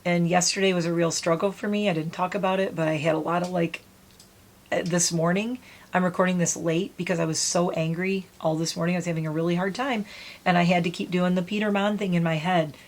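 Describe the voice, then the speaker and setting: A middle-aged woman vlogger talking casually and gently to camera, soothing and meditative. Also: fairly low pitch, fairly even intonation, fairly quick. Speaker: beauty vlogger. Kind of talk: casual heartfelt talk to camera.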